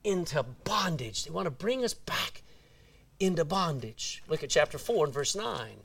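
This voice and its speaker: A man's voice: a little high, sing-song, measured pace, creaky, fairly bright tone. A man preaching a sermon, reading scripture aloud and asking the congregation "Amen?".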